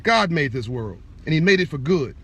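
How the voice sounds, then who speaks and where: Man on a live video, husky voice, swooping inflection, fervent sermon-like delivery to camera. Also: on the high side. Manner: fervent, direct, preachy, repetitive emphasis; insists on being calm and measured. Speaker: speaker addressing online viewers. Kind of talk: impassioned live-video monologue.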